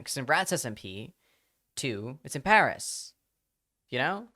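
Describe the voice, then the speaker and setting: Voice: mid-range voice, lively intonation, slow pace, long pauses, pushed and bright. A live streamer casually telling a rambling anecdote to the audience, full of fillers and quoted voices.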